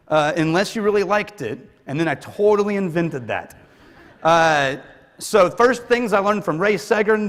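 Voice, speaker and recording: A man's voice: a little high, fairly bright tone. A man giving a joking, conversational and self-deprecating conference talk to a large audience in a hall. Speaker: conference speaker. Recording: echoey hall with long reverb.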